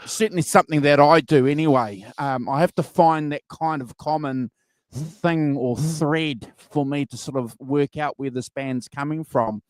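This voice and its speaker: A man's voice: on the high side, unhurried, no echo. A man co-hosting a casual music review podcast, rambling and enthusiastic with lots of fillers. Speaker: podcast co-host. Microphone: video call.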